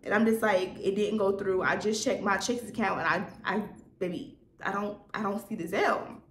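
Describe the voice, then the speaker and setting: Young woman, animated storytime vlogger, echoey room. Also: mid-range voice, moderate pace. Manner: animated, chatty, addresses viewers as y'all. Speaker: vlogger telling a story time. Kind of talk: casual storytime chat to viewers.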